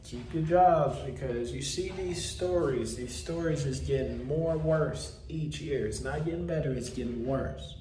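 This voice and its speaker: A man in casual commentary, easygoing and speaking straight to his viewers. His voice is mellow and sits a little back from the mic in a roomy space with a faint hiss underneath. He sounds like he is chatting from his couch. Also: medium pitch, measured pace, few pauses, far from the mic. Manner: relaxed, advising viewers directly. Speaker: reaction video host.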